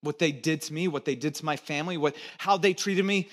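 High-voiced pastor preaching to his congregation. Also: brisk, few pauses. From United States. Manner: conversational preacher, asks the congregation to repeat words, joking asides; swings between loud emphatic lines and low quiet ones. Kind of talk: sermon.

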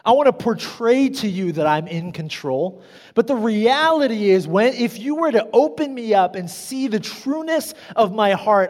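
A man in his thirties preaching a sermon, telling funny self-deprecating stories in an animated way. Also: high voice. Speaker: pastor. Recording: long reverb of a large hall.

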